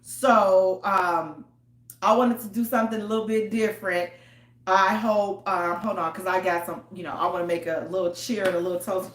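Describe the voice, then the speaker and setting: A woman hosting a radio show, chatting loudly and freely with her audience. Her voice sits in a middle pitch and her talk is animated and casual. The room has a noticeable echo. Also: moderate pace. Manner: chatty, loud and animated, with African American Vernacular English. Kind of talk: casual chat to listeners. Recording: roomy echo.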